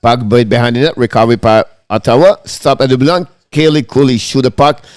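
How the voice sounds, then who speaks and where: Guy doing hockey play-by-play on his stream, laughs a lot, clean smooth voice, dry close mic. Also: mid-range voice, a little fast, no echo. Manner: excitable, laughs often, broken English phrasing. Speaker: live-stream hockey host. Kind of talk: live play-by-play commentary.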